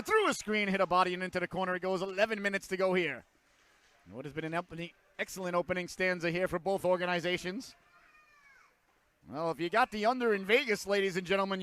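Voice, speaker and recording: A man with a high, bright voice calls a hockey game live. His throat sounds a little hoarse, and he fills the slow stretches with rambling, joking asides before his voice jumps to loud excitement when a shot or goal comes. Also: no room sound. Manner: rambling, jokey asides between calls, rising to loud excitement on goals and saves. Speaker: play-by-play hockey announcer. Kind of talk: live sports commentary.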